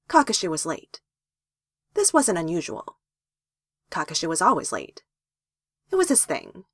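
A woman narrating a fanfiction story with lively, playful emphasis. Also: fairly low pitch, a little slow, long pauses, breathy edge, no echo, clean studio sound. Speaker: fanfiction reader.

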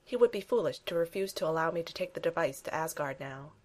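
A woman's voice: low-pitched, expressive, fast, a little mellow. Woman voicing a proud, formal warrior god. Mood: lofty.

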